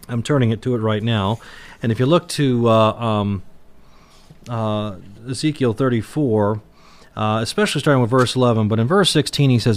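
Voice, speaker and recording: A man giving a recorded Bible teaching, unhurried, with many fillers and restarts, stressing key words. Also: fairly low pitch, a little mellow, no echo, clean studio sound.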